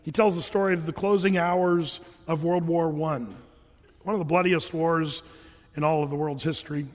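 A man preaching a sermon as a pastor, chatty and animated, sometimes chanting scripture lines. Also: fairly high pitch, moderate pace. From Oregon. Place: church hall. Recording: reverberant church hall.

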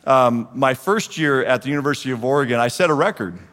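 A man in his forties, a guest speaker at a church men's group, gives a storytelling testimony and acts out the dialogue with lively energy. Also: mid-range voice, quick pace. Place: church hall. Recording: long reverb of a large hall.

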